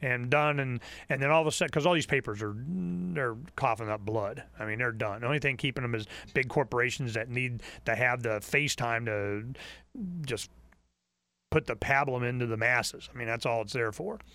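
A man's voice: medium pitch, normal speed, pushed and bright. A man hosting a call-in talk radio show, ranting fervently and repeating his points. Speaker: talk radio host and website publisher. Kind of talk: impassioned call-in radio monologue.

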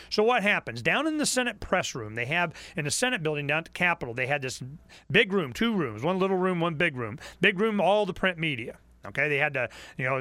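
A talk radio host delivering an impassioned call-in monologue, hammering his points again and again. His voice is a man's, sitting a bit high, with a tense, forceful edge. The sound is close and dry. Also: smooth, no echo. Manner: fervent, repetitive, ranting.

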